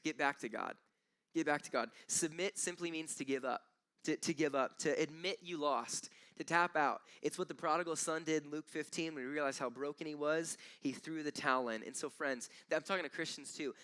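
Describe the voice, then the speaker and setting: A man's voice: mid-range voice, clean tone. Man preaching a conversational sermon. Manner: conversational preaching with animated quoted voices and repeated restarts. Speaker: pastor. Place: church.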